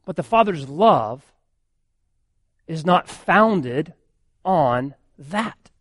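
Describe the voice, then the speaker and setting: A man's voice: fairly high pitch, lively intonation, measured pace, no room sound, studio quality. A man, a pastor, preaching a sermon earnestly, building emphasis with repeated phrases.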